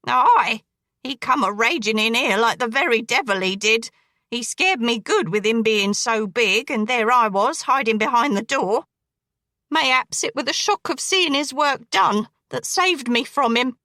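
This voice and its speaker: A menacing, crippled male dressmaker, a killer, as a woman reads him. He confesses in a slow, brooding drawl, in a bright, tense tone. The sound is dry and close, as in an audiobook. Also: a little high, lively intonation, dry recording, heavily acted. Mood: brooding confession. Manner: slow, brooding, coarse dialect.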